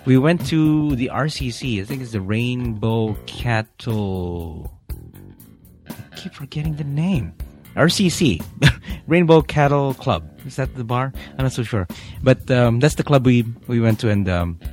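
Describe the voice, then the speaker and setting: A man's voice: medium pitch, lively intonation, a little slow, darkish tone, faint music behind. Chatty, rambling podcast host man. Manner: chatty, rambling with many fillers and laughs. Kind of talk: casual chat. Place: Houston, Texas studio.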